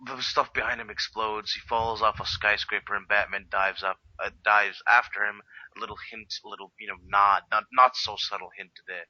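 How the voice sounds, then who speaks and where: A man's voice: on the low side, fairly even intonation, brisk, sharp tone, no room sound. A man co-hosting a casual video game review chat, rambling and leaning on filler words. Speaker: co-host. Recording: dull lo-fi home recording.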